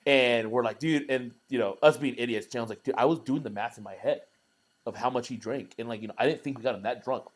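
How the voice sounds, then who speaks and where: A man's voice: medium pitch, quick pace. A young man co-hosting a podcast, telling rowdy stories in casual, profane chat and acting out his friends' lines. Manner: animated, profane, acts out friends' lines in louder voices. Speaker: podcast co-host.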